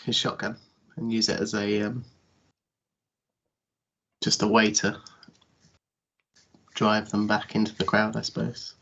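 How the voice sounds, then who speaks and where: A man's voice: on the low side, completely flat delivery, a little slow, gravelly, long pauses, a bit bright, slightly rough. A man playing a tabletop game, hesitantly describing what his character does. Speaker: player. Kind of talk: casual tabletop play. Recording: dull lo-fi audio.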